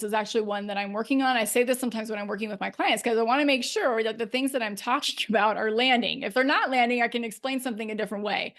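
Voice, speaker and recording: Upbeat woman coach, slightly high voice. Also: fairly bright tone. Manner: upbeat, emphatic, laughs often. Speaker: life coach, podcast host. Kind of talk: solo podcast talk.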